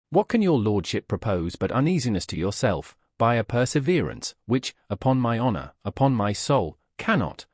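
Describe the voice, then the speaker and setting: A man reading a pleading young gentlewoman. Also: medium pitch, dry recording, clean studio sound. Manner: earnest, pleading. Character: young gentlewoman, proud and distressed.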